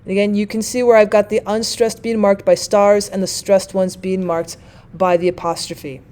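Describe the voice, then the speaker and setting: Her voice is medium in pitch with a warm tone but a flat delivery. She teaches an explanatory lesson methodically, reading examples slowly.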